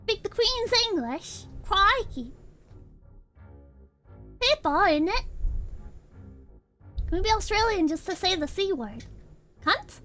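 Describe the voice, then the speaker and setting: Streamer: very high, bright woman's voice, lively and giggly, light music under it. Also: slow, long pauses. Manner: giggly, banters with chat, breaks into shrieking laughter. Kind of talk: casual chat with viewers.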